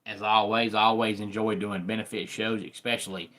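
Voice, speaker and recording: A man with a Southern accent hosting a live sports talk stream, chatting with viewers in an unhurried way. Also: lowish voice, flat delivery, sharp tone. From American South. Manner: unhurried, greets viewers by name.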